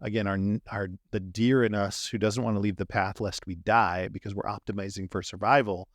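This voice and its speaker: A man on a podcast as a guest, explaining his ideas in an animated way and acting out little quoted exchanges. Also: lowish voice, brisk, no room sound, studio quality. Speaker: dream manager guest. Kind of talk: podcast conversation.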